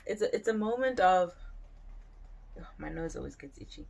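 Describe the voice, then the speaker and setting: A woman's voice: on the low side, animated, moderate pace, gravelly, a little mellow. A woman giving a casual tarot reading, chatty and slangy, swearing now and then. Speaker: tarot reader.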